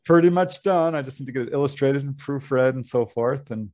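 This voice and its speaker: A man guest on a podcast interview, animated and laughing often as he talks through his experiences. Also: mid-range voice, fairly quick. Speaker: guest author.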